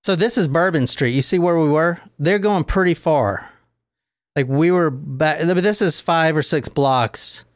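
A man's voice: fairly high pitch, unhurried, no echo, studio quality. Profane joking man telling a story. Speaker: podcast host. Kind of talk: casual storytelling chat.

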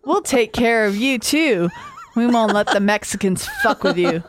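A woman's voice: on the high side, animated, a little slow, background noise. A woman putting on a pushy male prison inmate. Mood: menacing mock.

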